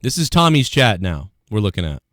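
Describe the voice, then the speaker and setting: A man's voice: lowish voice, sing-song, a little fast, fairly bright tone, dry recording, studio quality. A man hosting a livestream, ranting in an aggrieved tone and reading out chat comments. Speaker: livestream host.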